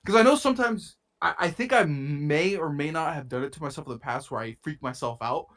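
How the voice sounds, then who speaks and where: A man's voice: a little high, brisk, a bit bright. A young man co-hosting a podcast, telling a rambling story in casual chat with lots of swearing and slang, his nose a bit stuffy. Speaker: podcast co-host.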